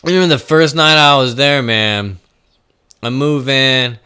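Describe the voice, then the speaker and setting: A young man spins a rowdy personal story in loose everyday talk. His voice is bright and forward, and he swears freely and laughs at his own tale as he goes. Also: mid-range voice, measured pace, clear, resonant tone. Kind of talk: casual storytelling.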